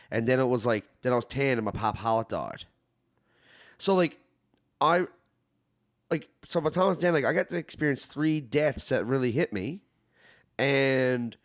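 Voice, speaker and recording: Guy hosting a podcast, reflective, stops and restarts a lot, goes quiet when it gets heavy, regular pitch. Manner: reflective, halting storytelling with many restarts, drops soft when sad. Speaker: podcast host. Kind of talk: casual conversation.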